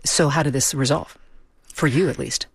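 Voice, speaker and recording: A news host asking brisk, direct questions in a radio interview. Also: mid-range voice, slightly rough.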